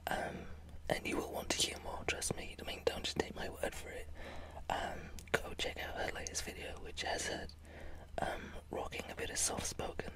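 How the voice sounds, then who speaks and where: A British woman chatting in a soft whisper for her ASMR vlog, friendly and apologetic. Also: moderate pace. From Britain. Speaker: ASMR channel host.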